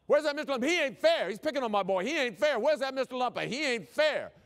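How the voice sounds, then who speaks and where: A man's voice: very high-pitched, lively intonation, quick pace, big-room sound, voice pushed up, heavily acted. A man voicing an intimidating father who storms into a school and rants in short, repeated, indignant complaints. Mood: indignant ranting. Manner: loud, ranting complaints in short repeated phrases.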